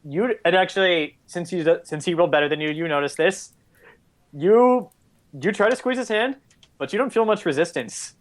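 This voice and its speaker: A man's voice: high-pitched, moderate pace. A man narrating as game master in a casual tabletop game, often laughing and restarting sentences.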